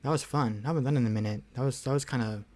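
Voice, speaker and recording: Male livestream host, relaxed and rambling, fills the gaps between songs with loose chatter and frequent chuckles. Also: medium pitch, rapid-fire. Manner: rambling, laid-back, chuckles often. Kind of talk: casual chat between songs.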